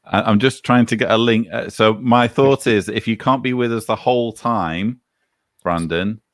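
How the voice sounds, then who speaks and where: A man's voice: on the low side, normal speed, no echo. A man from England with a Manchester accent hosting a casual livestream chat with dry, self-mocking humor. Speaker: livestream host.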